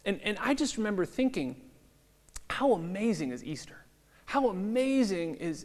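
A man in his thirties, a pastor, giving a conversational sermon with relaxed fillers. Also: high voice. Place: church hall. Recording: long hall reverb.

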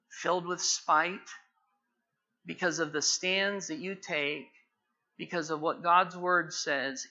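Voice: medium pitch, bright, forceful tone, lo-fi sound. A pastor preaching a sermon with passion, pressing the point with repeated rhetorical questions.

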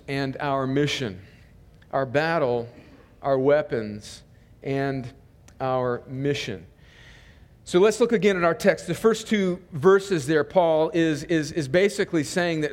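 A man's voice: on the high side, a little slow. A man speaking as a pastor in a church, praying and then preaching a sermon in an earnest way, often restarting his words. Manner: earnest, with frequent small restarts. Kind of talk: sermon with opening prayer. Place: church sanctuary.

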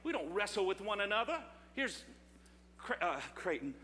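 A male pastor preaching an impassioned sermon at a church service, rising to shouts. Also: sits high, big pitch swings, moderate pace, in a large hall.

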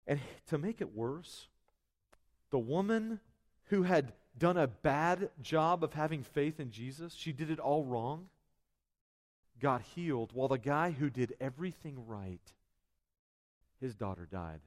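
Male pastor, slightly high voice, conversational sermon, asides, long hall reverb. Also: animated, a little slow, long pauses.

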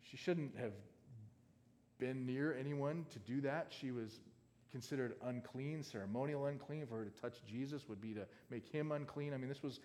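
A man's voice: medium pitch, moderate pace, darkish tone. Man preaching in a reverberant hall. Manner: conversational, asks the audience questions, often adds "right?". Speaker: pastor. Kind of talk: sermon with scripture reading. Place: large hall with a stage.

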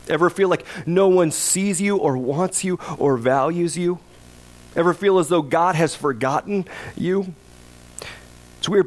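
A middle-aged man delivers a sermon in a loose, conversational way. His voice sits somewhat high for a man. When he gives voice to imagined complaints, his voice rises into a pleading cry. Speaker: pastor.

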